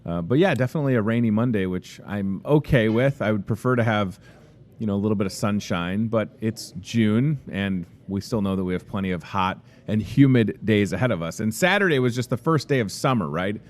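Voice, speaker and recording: A man's voice: on the low side, expressive, a little fast. A man hosting a store show, chatting in a folksy, upbeat way inside a grocery store restaurant. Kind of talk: casual store announcements and interview.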